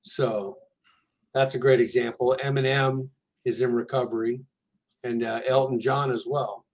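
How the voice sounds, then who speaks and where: An earnest man speaks plainly and candidly as a guest, with a mid-pitched voice and a steady, direct delivery. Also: a little slow. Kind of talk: casual conversation.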